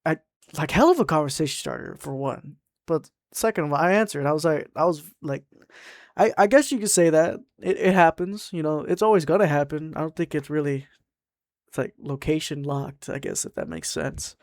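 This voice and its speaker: A man's voice: a little high, fairly quick, no room sound, clean studio sound. A man from Mexico telling a work story in a rambling, profane way, full of "like" fillers. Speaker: storytime vlogger. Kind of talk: casual storytime narration.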